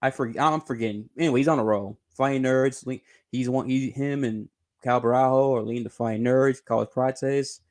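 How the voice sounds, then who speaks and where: A man's voice: fairly even intonation, normal speed. A man hosting his own sports channel, talking through fight news in a rambling, self-correcting way and swearing casually. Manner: rambling, self-correcting, bursts into high giggling laughter. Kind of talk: casual reaction commentary.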